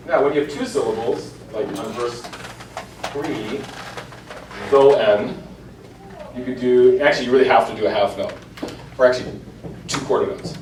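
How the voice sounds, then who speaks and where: A man's voice: medium pitch, animated, normal speed, recorded from a distance. A man, a church cantor, giving an informal lecture to an adult class and chanting example lines in rhythm. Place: church meeting room. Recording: echoey room, voice from afar, faint hiss.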